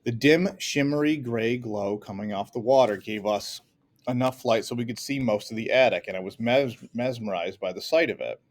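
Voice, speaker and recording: A man narrating a first-person novel aloud with steady, earnest delivery. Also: medium pitch, normal speed. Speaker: audiobook narrator. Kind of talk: first-person audiobook reading.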